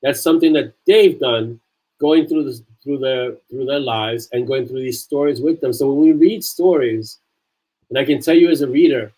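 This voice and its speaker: Male author-host, casual chat, earnest and emphatic, average pitch. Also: normal speed, dark tone, low-quality recording. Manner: earnest, repeats phrases for emphasis. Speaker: author hosting a livestream chat.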